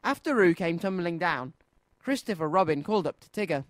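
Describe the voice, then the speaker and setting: A man presenting a children's radio show, reading a storybook aloud in an expressive, sing-song way. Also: high voice, a little fast, dry recording.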